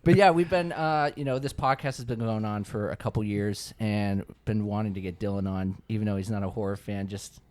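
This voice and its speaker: A man's voice: on the low side, brisk, few pauses, darkish tone, no room sound. Chatty male podcast host. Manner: chatty, joking, teasing the guests. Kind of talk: casual chat.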